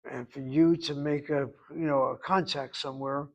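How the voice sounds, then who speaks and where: A Hebrew teacher with a somewhat high, gravelly voice and fairly even intonation leads a language class. He's patient and explanatory about grammar, yet drifts into side remarks, and he drills pronunciation by slowly repeating words for students to copy.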